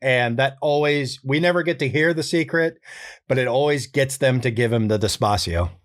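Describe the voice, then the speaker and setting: A man recording his own character voices and calmly explaining his process, relaxed, thinking aloud and amused at himself. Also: medium pitch, moderate pace. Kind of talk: casual behind-the-scenes explanation.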